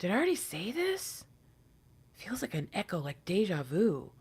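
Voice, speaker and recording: Woman reading tarot cards for an online audience, lively and playful, sometimes whispering. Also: medium pitch, moderate pace, husky. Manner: animated, playful, drops into whispers. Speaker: tarot reader.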